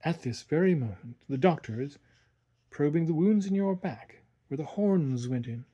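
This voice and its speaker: Calm hushed governess lady, read by a guy, kinda husky, storybook reading. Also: on the high side, moderate pace, highs cut off. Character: calm, secretive female governess. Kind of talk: audiobook narration.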